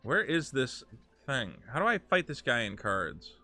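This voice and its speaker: Guy streaming at home, goes off on rants, swears a lot, really lively swooping voice. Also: medium pitch, a little slow, soft background music. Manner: ranting, profane and sarcastic. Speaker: streamer host. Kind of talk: casual live-stream commentary.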